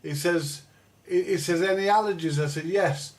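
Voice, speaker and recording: Speaking at a measured pace in a steady, somewhat high voice, this middle-aged man from England rants and rambles bluntly as a livestream host. The casual chat is packed with swearing and picked up by a live stream microphone.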